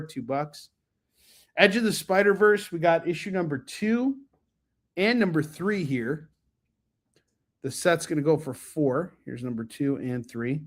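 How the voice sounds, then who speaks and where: An American man hosting a live comic book sales stream, chatting casually and joking, with many ums and asides. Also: on the high side. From United States. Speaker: host and comic book seller.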